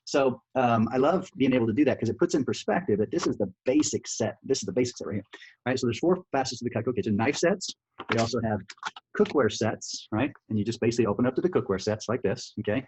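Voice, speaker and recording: A man giving a screen-share sales training, talking quickly and casually, with many restarts and "right?" checks, recorded over a computer mic on a video call. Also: mid-range voice, darkish tone, husky. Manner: fast, chatty, full of restarts and "right?" checks. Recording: dull lo-fi audio.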